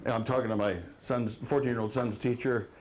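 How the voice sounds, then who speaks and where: A man in his forties doing a stand-up comedy set, telling wry stories with quick quoted asides. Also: mid-range voice, fairly even intonation, roomy sound. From Wisconsin. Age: 40s. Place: live comedy venue with audience.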